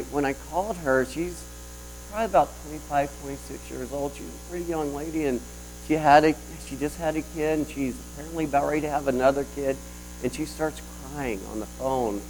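A preacher with a mid-range, slightly mellow voice gives a sermon in a conversational, storytelling style. He tells a personal story and restarts his sentences often. The recording is low quality, with slight background noise.

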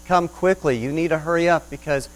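Dude doing a motorboat rescuer, hurried, warning, voice up high. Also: male voice, lightly acted, poor audio. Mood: urgent.

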